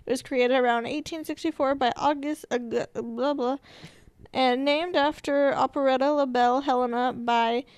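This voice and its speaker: A woman co-hosting a podcast in casual chat, trading short dry quips and reading out entries quickly. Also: high voice, steady tone, clean tone, no room sound. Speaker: podcast co-host.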